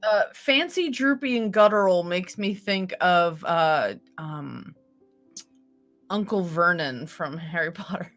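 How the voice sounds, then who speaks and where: A woman's voice: fairly low pitch, lively intonation, takes it slowly, a bit bright, faint music behind. A woman co-hosting a casual chat as a game master, candid and self-mocking about her own voices.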